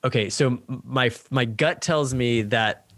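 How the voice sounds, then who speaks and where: A man's voice: medium pitch, unhurried, fairly bright tone, no room sound. A man co-hosting a podcast and reading out trivia questions in casual, easygoing chat, with fillers and frequent laughs. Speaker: podcast co-host, quizmaster.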